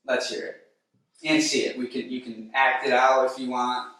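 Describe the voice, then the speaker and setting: Young male host of a casual review show: rambling and filler-heavy, recorded far off in a boomy room. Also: flat delivery, normal speed, sharp tone. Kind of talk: casual comedic film review chat. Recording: very echoey room, distant mic.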